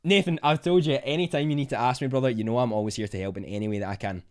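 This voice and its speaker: A young man with a Scottish accent chatting casually on a livestream, reading out viewer comments with bursts of excitement. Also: medium pitch, very fast, clear, resonant tone. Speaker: livestream host.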